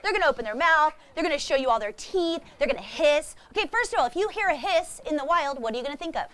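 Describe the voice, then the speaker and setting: Woman, wildlife educator, high voice, animated, laughs often, addresses kids. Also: fast. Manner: animated, laughing, talks to the audience directly. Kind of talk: lively presentation to kids.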